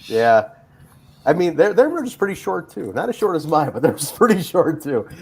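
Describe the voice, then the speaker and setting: A man hosts a casual chat show with a lively, up-and-down voice. He rambles and restarts often. There is a faint hiss behind him. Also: fairly high pitch, normal speed. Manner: rambling, many fillers and restarts. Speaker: podcast host.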